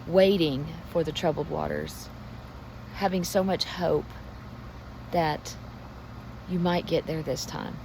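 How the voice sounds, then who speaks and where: Tearful low-voiced woman. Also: gravelly, background noise. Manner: tearful, heartfelt, drops to near whispers. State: emotional, close to crying. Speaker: Christian vlogger. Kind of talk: emotional devotional talk.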